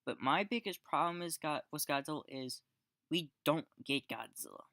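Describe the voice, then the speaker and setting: A man's voice: a little high, moderate pace, creaky, pushed and bright, dry recording, studio quality. A man giving a casual spoken film review, rambling with restarts and fillers and sarcastic, exasperated asides. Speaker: movie reviewer.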